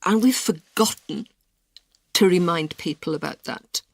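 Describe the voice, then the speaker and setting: A woman speaks as an interview guest, emphatic and passionate as she makes her points. Her voice sits fairly low. The sound is dry and close, with no room echo. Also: a little slow, creaky, breathy edge. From Britain. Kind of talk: interview answers.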